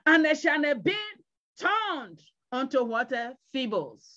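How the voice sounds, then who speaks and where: A woman's voice: sits high, very animated, slow pace, pushed and bright. A woman evangelist delivering a sermon with emphatic, repetitive exhortations and pleading calls to repent. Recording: dull lo-fi recording.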